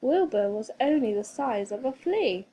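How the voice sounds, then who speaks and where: A woman reading a children's storybook aloud as a teacher, expressive and playful with sound effects. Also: fairly high pitch, normal speed.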